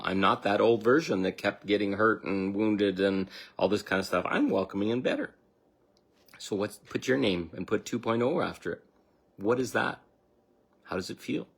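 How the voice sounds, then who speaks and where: A man speaking as a spiritual coach on a livestream. He talks earnestly and off the cuff, trails off into asides, and acts out quoted inner voices with sudden jumps in pitch. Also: vocal fry, slightly rough. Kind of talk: livestream talk.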